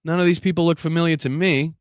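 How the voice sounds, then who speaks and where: A man hosts a live political reaction stream, his voice sitting high for a man and recorded dry and close. He swears freely, laughs often and sounds incredulous at what he is watching. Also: steady tone, fast talker, clean tone, dry recording. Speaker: political commentary host.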